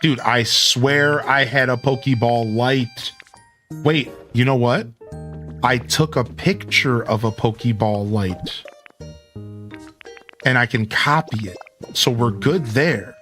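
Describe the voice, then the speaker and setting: A man gives laid-back let's play commentary on a game stream, greeting chat, saying "dude," and humming along. His mid-range voice is bright and forceful, but he takes it slowly with long pauses. Soft music plays in the background.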